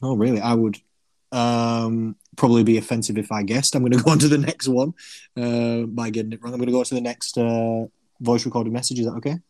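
A man's voice: mid-range voice, flat delivery, brisk, mellow, no echo. Guy hosting a chatty podcast, upbeat, dry sound. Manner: upbeat, laughs often. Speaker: podcast host. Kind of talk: casual chat.

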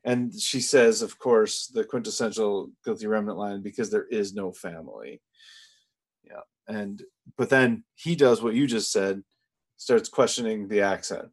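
A man co-hosting a podcast, casually recapping a TV episode from his notes in a relaxed, measured way. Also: on the low side. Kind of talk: casual chat.

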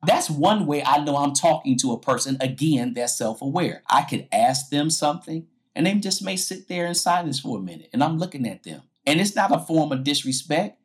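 A man hosting a podcast in a sermon-like style, speaking emphatically, slowing down and repeating his key points. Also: fairly high pitch, animated. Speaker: podcast host, preacher.

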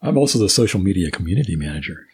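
A man's voice: low voice, big pitch swings, rapid-fire, darkish tone, breathy edge. A man guesting on a music podcast as a band's singer and lyricist, wry and articulate. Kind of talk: casual music podcast chat.

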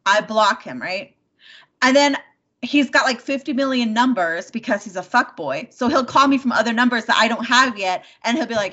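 A woman in her thirties in casual chat, telling a dating story in a rambling, animated way, full of "like" and swearing. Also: on the high side, a little fast. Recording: dull lo-fi sound.

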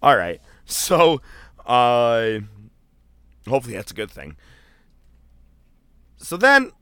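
A man chatting casually as a podcast co-host, telling a loose, profane story full of fillers and jumping into animated quoted voices. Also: takes it slowly, smooth, no echo, studio quality. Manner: animated, jumps into high-pitched quoted voices. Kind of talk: casual chat.

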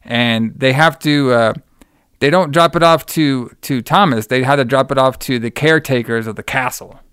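A man's voice: mid-range voice, moderate pace, a bit bright, smooth, dry recording, studio quality. A man in casual chat, retelling a movie plot in a loose, profane, rambling way and laughing often. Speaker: podcast co-host recapping a movie.

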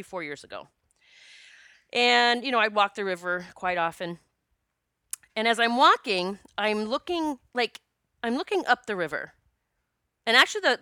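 Middle-aged woman telling a wild story, clear smooth voice, cusses and laughs a lot. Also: mid-range voice, dry recording, studio quality. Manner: animated, swearing, laughing storyteller. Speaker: author and speaker. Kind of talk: casual storytelling.

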